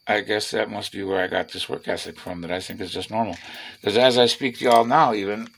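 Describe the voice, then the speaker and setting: A man's voice: fairly low pitch, fast, background noise. A middle-aged man, rambling bluntly and profanely in a casual vlog while working with tools. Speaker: vlogger.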